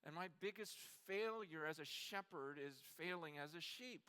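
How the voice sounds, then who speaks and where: A man preaching a sermon at a conference, earnest and impassioned, building to shouts. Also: a little high, normal speed, clear, resonant tone. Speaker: conference speaker.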